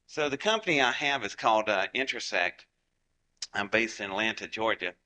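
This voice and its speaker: Bright-voiced Southern man telling stories to a crowd. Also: on the low side, animated, normal speed. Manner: chatty, joking asides to the crowd. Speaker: speaker addressing a live audience. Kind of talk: folksy storytelling lecture.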